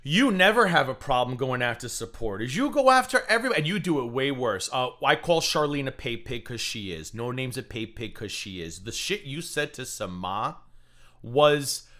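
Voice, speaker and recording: A man's voice: medium pitch, expressive, moderate pace, pushed and bright. An American man hosting a livestream, talking in a profane, mocking and combative way. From United States. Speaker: livestream host. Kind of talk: heated livestream commentary.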